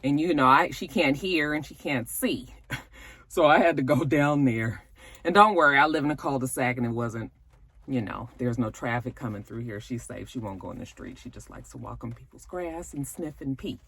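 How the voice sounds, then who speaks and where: A woman's voice: rumbling low, moderate pace, a bit bright, husky, dry recording. A woman hosting a gossip show from home, chatting casually and rambling to her viewers with lots of fillers. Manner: chatty, rambling, many fillers, addresses viewers as you guys.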